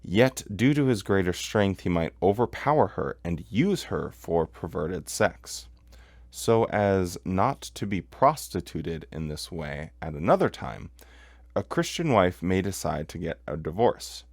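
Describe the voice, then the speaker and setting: A man's voice: low voice, very animated, unhurried, dry recording. A man hosting a commentary show, reading quoted passages aloud and then arguing against them with heated emphasis. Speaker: podcast host. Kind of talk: commentary on religious texts.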